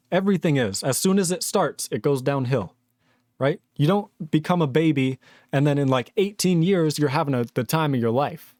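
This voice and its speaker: A man's voice: a little high, normal speed, no room sound, studio quality. Ranting, sweary young man streamer. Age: 20s. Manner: animated, ranting, sweary, reads chat aloud. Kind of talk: casual live-coding stream chat.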